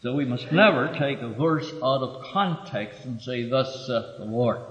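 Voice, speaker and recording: A man's voice: medium pitch, fairly bright tone. Man preaching in an echoey hall. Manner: halting, with many filler pauses; reads verses aloud with raised emphasis. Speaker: preacher teaching from scripture. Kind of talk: sermon-style Bible teaching. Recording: dull echoey recording from a hall.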